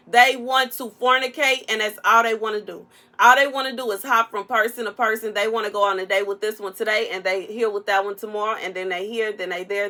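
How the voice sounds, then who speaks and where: A woman giving a casual prophetic message, animated and playful, preaching straight to the listener. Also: on the high side. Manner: animated, preachy, playful, African American Vernacular English. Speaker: prophetic content creator.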